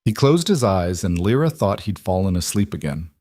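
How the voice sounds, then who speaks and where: A man narrating a romance fantasy audiobook in a steady, measured way. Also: low voice, dry recording.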